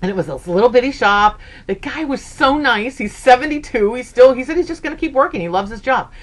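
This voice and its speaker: A woman in her fifties chats away in a bubbly, animated storytelling manner, with a voice pitched somewhat high. She keeps saying "okay" and jumps her voice up whenever she quotes someone. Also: brisk. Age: 50s. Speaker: sewing vlogger. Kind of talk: casual chat.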